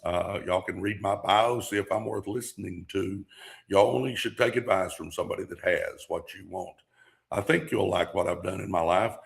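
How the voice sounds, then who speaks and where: A man's voice: deep voice, moderate pace, vocal fry. A man hosting a livestream podcast, giving a fired-up motivational talk in a preacher-like way with repeated catchphrases. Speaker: podcast host.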